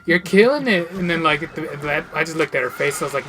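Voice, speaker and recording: Young male gamer, casual commentary, lively anecdotes, laughs a lot, faint noise behind. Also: fairly high pitch, a little fast. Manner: animated storyteller, swears, laughs often. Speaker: gameplay commentator. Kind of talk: casual let's-play chat.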